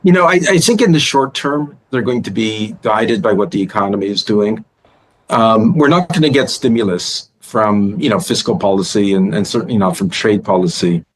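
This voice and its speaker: A man who is a guest analyst in a remote interview, thoughtful and halting with repeated starts. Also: on the low side, poor audio.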